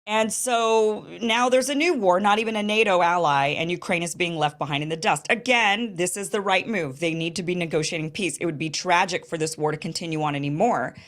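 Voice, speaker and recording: Impassioned woman host, low-pitched. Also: a little fast, hardly any pauses, a bit bright. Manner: impassioned, emphatic, indignant. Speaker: show host. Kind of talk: political commentary monologue.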